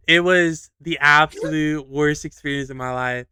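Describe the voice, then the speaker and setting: Animated young man, casual storyteller, swears a lot, bright tense voice, dry close sound. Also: a little high, moderate pace, clear, resonant tone, dry recording. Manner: animated, swears freely, acts out scenes. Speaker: podcast co-host.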